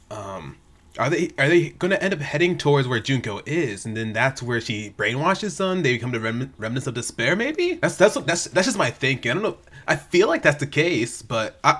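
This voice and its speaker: A man hosting an anime reaction video at home, talking casually and excitably, often restarting his sentences. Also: medium pitch. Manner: excitable, rambling, frequent restarts and exclamations. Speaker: reaction channel host. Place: home room.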